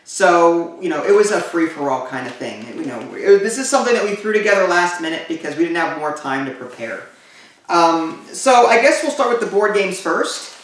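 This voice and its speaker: A man's voice: fairly high pitch, animated, normal speed, a bit bright. A man hosting a casual chat, rambling with lots of fillers and restarts. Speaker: host. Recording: echoey room, mic far off.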